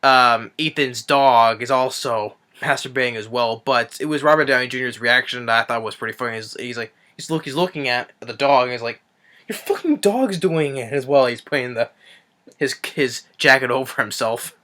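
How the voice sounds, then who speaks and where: Bright-voiced rambling man. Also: mid-range voice, steady tone, moderate pace. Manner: rambling with frequent restarts and swearing. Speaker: movie reviewer. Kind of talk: casual spoken movie recap.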